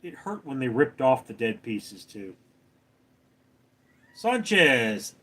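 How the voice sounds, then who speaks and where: A man's voice: medium pitch, sing-song, takes it slowly, a bit bright, husky. A man hosting a casual livestream, reading viewer comments aloud and answering them with wry jokes. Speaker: livestream host reading chat. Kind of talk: casual live chat.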